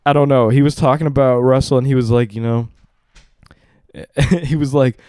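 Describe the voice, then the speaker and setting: A man's voice: mid-range voice, fairly even intonation, moderate pace, darkish tone, smooth, no echo, clean studio sound. A young adult man hosting a casual podcast, telling a story with lots of swearing and quoting people in voices. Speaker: podcast host. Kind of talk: casual comedic chat.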